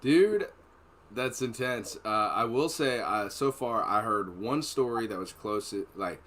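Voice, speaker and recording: A man's voice: medium pitch, measured pace. A man and former Marine telling profane, rambling war stories in a casual podcast chat. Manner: profane, rambling, animated storytelling. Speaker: podcast host.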